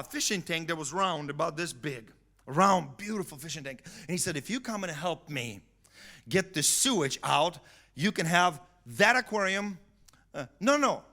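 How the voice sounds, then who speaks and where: A male pastor preaching in a church, his voice sitting high and ringing bright. He tells a story in an animated way, bursting into shouts for emphasis and laughing often as he goes. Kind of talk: storytelling sermon. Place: church sanctuary.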